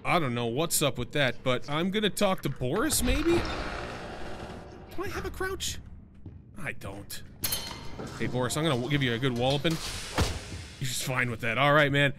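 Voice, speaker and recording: A young man streaming a horror game, chatting casually, joking and swearing, with sudden excited yelps. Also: medium pitch, moderate pace, long pauses, background noise. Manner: jokey, profane, prone to excited yelps. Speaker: gaming streamer. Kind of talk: casual let's-play commentary.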